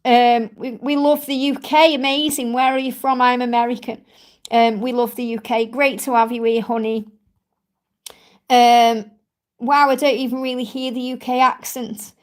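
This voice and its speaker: A woman's voice: fairly high pitch, little pitch movement, moderate pace. A woman from England with a strong Stoke-on-Trent accent, chatting and reassuring viewers as a spiritual reader in a live stream Q&A. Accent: Stoke-on-Trent English. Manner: chatty, reassuring, many "you know" fillers.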